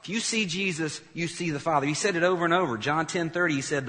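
A man preaching with animated emphasis, his voice a little high and very bright. His words ring out with a long hall reverb behind them, and he breaks off to speak directly to the congregation. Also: fast talker. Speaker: pastor. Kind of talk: sermon.

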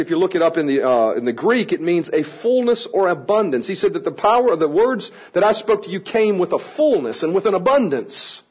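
A man with a high, husky voice leads a lively training session for a live audience. He talks in a playful, energetic way, teasing people and coaxing them to join in. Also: rough recording. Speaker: children's ministry trainer. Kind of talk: lively teaching talk to an audience.

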